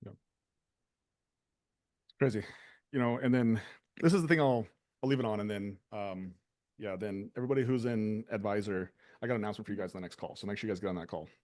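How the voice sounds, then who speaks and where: A man's voice: fairly low pitch, fast, pauses often, a little mellow. Casual man talking business. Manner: loose and conversational, many likes and ums. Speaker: business owner and show host.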